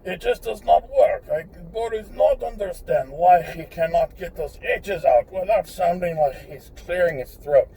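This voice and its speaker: A goofy Russian-accented Boris, put on by a man, speaking of himself in the third person and dropping little words. The voice sits higher than the performer's own and is caught from a short distance inside a car, with a faint engine hum behind it. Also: unhurried, few pauses, mellow. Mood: playful.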